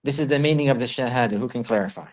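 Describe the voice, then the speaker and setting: Man teaching a religious class quick, quotes arabic then explains, says things twice for emphasis. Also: mid-range voice. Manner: repeats key phrases for emphasis, reciting in Arabic. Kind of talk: Islamic lesson, explaining texts.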